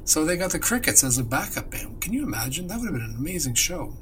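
A man from Canada co-hosting a casual chat about music history, enthusiastic and quick to laugh. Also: on the high side, big pitch swings, a bit bright, slight background noise, rough recording. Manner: enthusiastic, storytelling, laughs often. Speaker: co-host.

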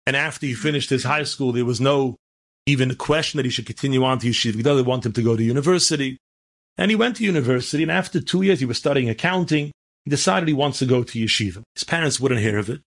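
A rabbi speaks fast in a medium-pitched, slightly bright voice, telling stories in a sermon. He builds them into fervent, emphatic exhortation, scattering Hebrew and Yiddish terms throughout.

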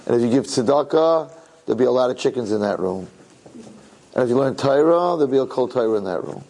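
A man gives a sermon as a story told in a loose, conversational style. His voice is husky and sits at a middle pitch. He repeats phrases and checks in with his listeners. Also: expressive, fast, mellow, poor audio. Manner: conversational, repeats himself, asks listeners questions.

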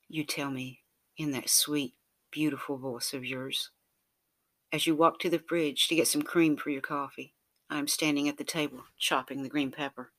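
A narrator telling a romantic second-person audio story in a soft, intimate way, often sliding into a breathy whisper. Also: mid-range voice, steady tone, moderate pace.

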